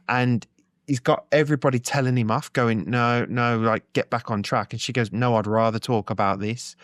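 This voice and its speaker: A man co-hosting a podcast, telling relaxed anecdotes and acting out other people's lines. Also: medium pitch, no room sound, clean studio sound. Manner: relaxed anecdotal, acts out quotes. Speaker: podcast co-host. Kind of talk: casual chat.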